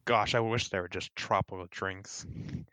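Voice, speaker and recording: Low-voiced man playing a tabletop game. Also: normal speed, smooth, no room sound. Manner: relaxed, joking banter. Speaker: player. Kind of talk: tabletop role-play chat.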